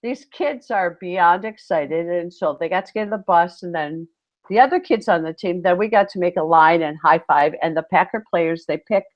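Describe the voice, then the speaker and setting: Speaking at a moderate pace in a fairly low voice, a PE teacher co-hosting a podcast launches into an animated story during a relaxed chat. She performs the quotes with loud exclamations, all captured in muffled, lo-fi audio.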